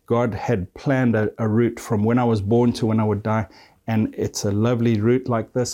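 A man's voice: lowish voice, little pitch movement, normal speed, warm tone. A man preaching a sermon, reading scripture verses aloud and earnestly addressing his listeners as friend.

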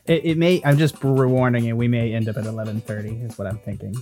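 A man's voice: mid-range voice, steady tone, fast, mellow, soft background music. A man hosting a tabletop game podcast as dungeon master, talking casually and joking between plain sign-off remarks.

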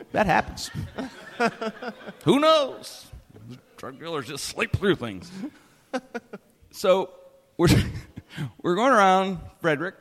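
Animated man telling a funny story. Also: a little high, in a large hall. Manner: animated, laughing often, lots of restarts. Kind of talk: comic storytelling.

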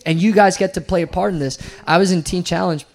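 A man gives a sermon in a slightly high voice. He tells a personal story in an earnest, loose, conversational way, with fillers and restarts. He sounds like a preacher speaking to a church. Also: fast, creaky. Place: church sanctuary.

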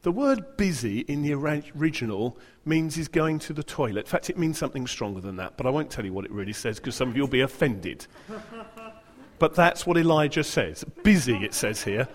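Man preaching, mid pitch, dramatic and wry, long hall reverb. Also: expressive, fairly quick. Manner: dramatic, humorous storytelling. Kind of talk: sermon.

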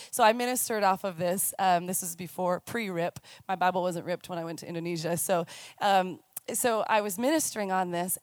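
A woman in her thirties, a youth minister, giving a chatty, animated sermon. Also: medium pitch, no room sound. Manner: chatty, animated storytelling with quick asides. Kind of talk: conversational sermon. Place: church stage.

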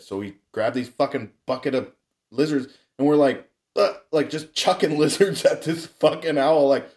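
A man's voice: medium pitch, normal speed, darkish tone. A young man telling a wild childhood story in casual, profane chat, laughing often.

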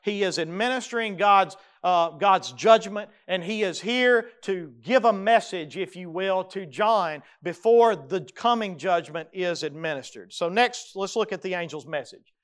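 A man's voice: high-pitched, unhurried, few pauses, fairly bright tone. A man preaching a sermon. He speaks emphatically, repeats key phrases and adds folksy asides. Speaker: pastor.

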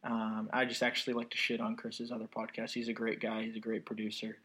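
A man's voice: fairly low pitch, monotone, quick pace, bright, forceful tone. A man in his twenties hosting a casual podcast interview from an apartment, joking and teasing his guest. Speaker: podcast host.

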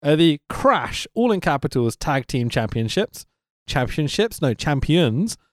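A man co-hosting a wrestling podcast in casual chat, swearing freely, laughing often and rambling quickly. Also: on the high side, sing-song, no room sound, studio quality.

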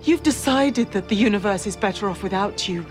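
A woman's voice: mid-range voice, expressive, fairly quick, a little mellow, close to an everyday voice. An actress playing a fierce, devoted woman who refuses to let the one she loves die, in a TV drama, speaking with passionate force. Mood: impassioned. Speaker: actor in a TV drama clip. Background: dramatic music score.

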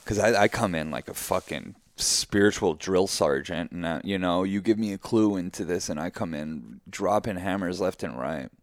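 A man's voice: deep voice, moderate pace, hardly any pauses, no room sound. A man in a casual, heartfelt conversation who talks emphatically and effusively, swearing freely and speaking in spiritual terms.

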